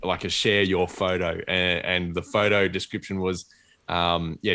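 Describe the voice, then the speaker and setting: A man's voice: deep voice, level tone, unhurried, sharp tone. A man with an Australian accent, co-hosting a casual pub podcast, sweary and rambling, often laughing. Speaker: podcast co-host. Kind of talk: casual chat.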